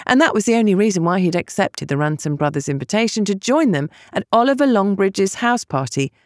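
A woman narrating a novel as an audiobook, with expressive storytelling. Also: medium pitch, a little fast, no echo, clean studio sound.

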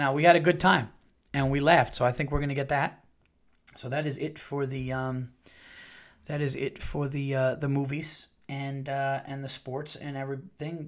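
A man's voice: mid-range voice, fairly bright tone. A man hosting his own podcast, talking casually and candidly with lots of fillers and restarts. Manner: rambling and candid, with many fillers and mimicked quotes. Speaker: podcast host. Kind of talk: casual solo podcast chat.

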